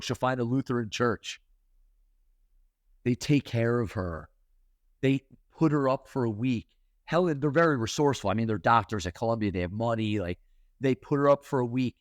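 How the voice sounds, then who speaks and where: A man's voice: medium pitch, dry recording, studio quality. A middle-aged man hosting a spiritual talk, telling a story in a loose, chatty way with lots of fillers. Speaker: host and spiritual teacher.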